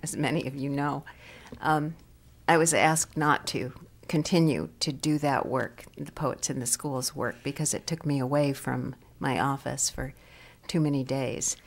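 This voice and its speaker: An older woman, a poet and professor, reading her poems aloud slowly and deliberately at a library event, letting phrase endings drop to a soft whisper. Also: a bass voice, fairly even intonation. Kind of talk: poetry reading.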